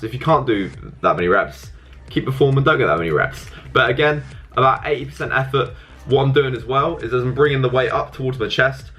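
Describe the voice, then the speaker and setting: A man's voice: mid-range voice, a bit bright. A young man casually explaining his arm workout in a gym, coaching and swearing freely. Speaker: fitness vlogger.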